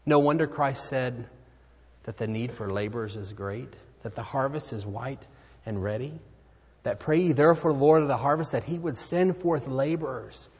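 A man speaking as a missionary, making an earnest appeal in a sermon, swinging from loud exclamations to hushed near-whispers. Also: medium pitch, moderate pace, breathy edge. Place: church sanctuary. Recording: hall reverb.

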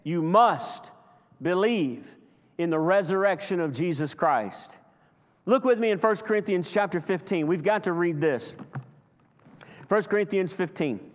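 High-voiced impassioned preacher in a reverberant hall. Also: male voice, lively intonation, measured pace. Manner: impassioned preaching, swings from loud to hushed. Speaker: pastor. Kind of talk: sermon. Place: church sanctuary.

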